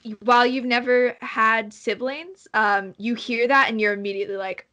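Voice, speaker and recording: Woman game master, slightly high voice. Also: steady tone, bright, forceful tone. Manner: descriptive, halting with fillers. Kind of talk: narrating a tabletop game.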